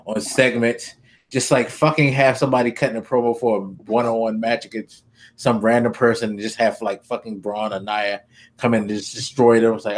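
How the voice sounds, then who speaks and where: A man's voice: medium pitch, a little fast. Laughing, swearing podcast host man. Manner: laughing, profane, animated impressions. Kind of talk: casual wrestling chat.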